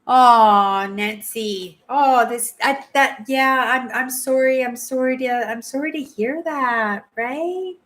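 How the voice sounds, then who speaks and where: A woman in her sixties from Canada chats casually with her livestream viewers. Her voice sits a little high, and she rambles and keeps asking "right?" between thoughts. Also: fairly bright tone. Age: 60s. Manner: chatty, rambling, tags "right?" after most sentences. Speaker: livestream host. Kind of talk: casual chat with live viewers.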